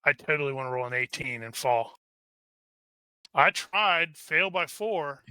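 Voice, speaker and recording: A man's voice: a little high, lively intonation, measured pace, pushed and bright, clear, resonant tone, no echo. A man playing in a tabletop role-playing game, joking and playful as he talks through his moves. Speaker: player. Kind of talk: casual tabletop play.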